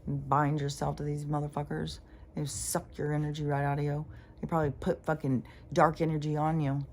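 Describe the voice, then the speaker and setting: A woman with a notably low voice talks in a loose, meandering monologue. She circles back on her thoughts, restarts often and swears freely as she goes. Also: level tone, a little fast, a little mellow, a little hiss or hum. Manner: meandering, profane, full of fillers and restarts. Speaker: spiritual vlogger. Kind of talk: rambling casual monologue.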